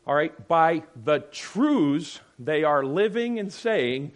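A man's voice: on the high side, animated, slow pace. A middle-aged man teaching a Sunday school class in an emphatic way, often acting out other people's voices.

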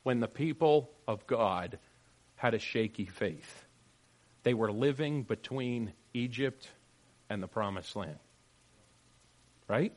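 A man preaching a sermon as pastor, swinging from loud emphatic lines to quiet, joking asides with his congregation. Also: mid-range voice, animated, slow, long pauses.

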